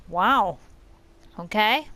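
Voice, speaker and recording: A woman's voice: medium pitch, animated, very slow, bright, forceful tone. A woman casually commenting on her game as she plays, thinking aloud and trailing off mid-sentence. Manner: chatty, thinking aloud, hesitant with fillers. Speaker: gamer playing and commenting. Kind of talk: casual let's-play commentary.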